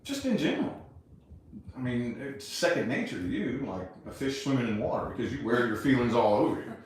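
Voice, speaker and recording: A man in casual conversation with his partner, frank and reflective, cursing without a second thought. His pitch swings a lot as he talks. He sounds set back from the mic in a strongly echoing room. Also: big pitch swings, brisk, slight background noise. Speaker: podcast co-host. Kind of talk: casual couple chat. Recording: echoey room, distant mic.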